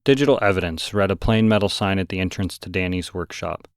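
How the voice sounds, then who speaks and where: A man narrating a scripted horror story in a calm, matter-of-fact way. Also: sits low, fairly quick, clear, resonant tone, dry recording, clean studio sound, faint music behind.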